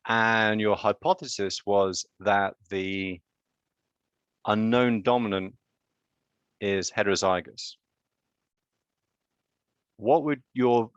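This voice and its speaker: A man's voice: on the low side, no echo. A man lecturing on genetics in a live online class, chatty and quizzing students with joking asides.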